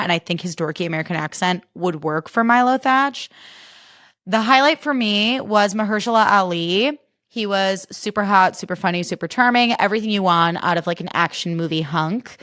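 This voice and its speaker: A woman's voice: fairly low pitch, fairly bright tone, dry recording. Chatty sarcastic woman comedian, dry mic. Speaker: podcast host and stand-up comedian. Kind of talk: casual comic monologue.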